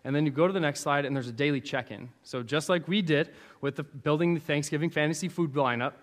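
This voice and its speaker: A man preaching a sermon, telling stories from teaching kids and acting out their replies in a lively way. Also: a little high, fast. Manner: animated storyteller, acts out students' replies. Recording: long hall reverb.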